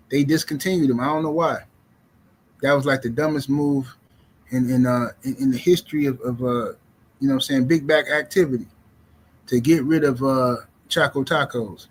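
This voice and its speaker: A middle-aged man hosting a livestream, talking casually in animated, slangy speech and repeating himself. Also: medium pitch, moderate pace, a little hiss or hum. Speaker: livestream host. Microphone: streaming mic.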